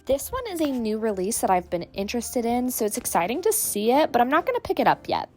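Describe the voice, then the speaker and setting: This book vlogger talks fast in a somewhat high voice, still a bit sick with a cold, as she records a casual shopping vlog voiceover at home after the trip. Chatty and upbeat with excited gasps, she speaks into a voiceover mic over soft background music.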